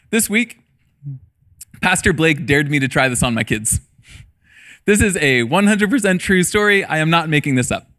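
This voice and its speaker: A man's voice: on the high side, lively intonation, normal speed, long pauses, pushed and bright. A man in his thirties, a middle school pastor, preaching a casual sermon with personal stories and jokes. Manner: casual storytelling with jokes and laughter.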